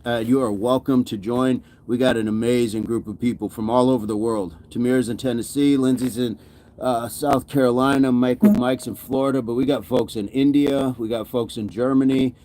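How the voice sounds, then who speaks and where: A man's voice: medium pitch, a little mellow. A man hosting a fitness livestream, upbeat and chatty, reading viewer comments, greeting people by name and laughing often.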